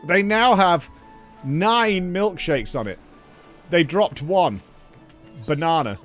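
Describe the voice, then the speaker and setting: A man in his thirties chatting and ranting on a stream, swearing freely in an animated way. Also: high-pitched, takes it slowly, faint music behind. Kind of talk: casual stream chat.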